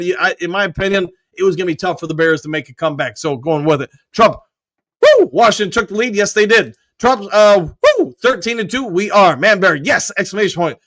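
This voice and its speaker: Male stream host, high voice, upbeat, rattles off chat comments with whoops. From Michigan. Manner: upbeat, reads comments aloud with quick shout-outs and whoops. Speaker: host reading live chat. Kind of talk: casual live-stream chat.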